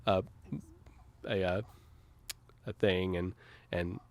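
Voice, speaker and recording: A man's voice: low-pitched, level tone, takes it slowly. A man speaking as a film director, giving a loose, enthusiastic commentary full of fillers and restarts. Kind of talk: director's commentary, casual chat.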